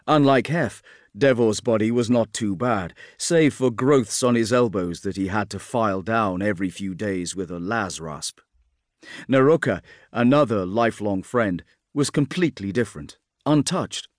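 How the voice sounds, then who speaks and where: A man's voice: fairly low pitch, moderate pace, no echo. Man narrating a war story, dry sound. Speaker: audiobook narrator. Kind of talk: scripted narration.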